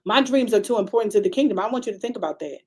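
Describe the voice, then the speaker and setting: A middle-aged woman pastor who preaches like she is talking to friends, in a loose vernacular style. She climbs again and again into sharp, emphatic high notes. Her voice sits at a middle pitch. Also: expressive, racing, husky. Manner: conversational preaching, rising to emphatic high bursts. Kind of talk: sermon.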